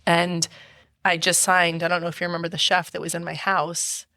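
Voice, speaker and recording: Lowish woman guest on a podcast, chatty storyteller, dry close sound. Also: little pitch movement, fairly quick, pushed and bright, no room sound. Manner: chatty storyteller who acts out quotes and laughs often. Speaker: guest, event designer. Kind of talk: casual podcast conversation.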